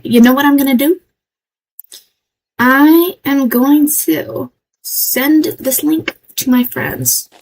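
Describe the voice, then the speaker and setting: A woman's voice: high-pitched, a little mellow, a little hiss or hum, low-quality recording. A woman streamer chatting playfully through a let's play in a put-on American Southern drawl, talking to herself as she goes. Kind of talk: casual let's-play chat.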